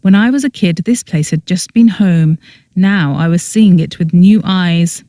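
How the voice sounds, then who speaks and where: An audiobook narrator reading a first-person story in an even storytelling manner, close to the mic. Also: medium pitch, a little slow, no echo.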